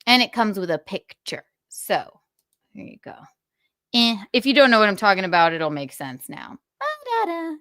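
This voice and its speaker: A woman's voice: medium pitch, lively intonation, moderate pace, a bit bright, no echo, clean studio sound. A young woman hosting a livestream, ranting with profanity and sarcasm. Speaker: podcast host.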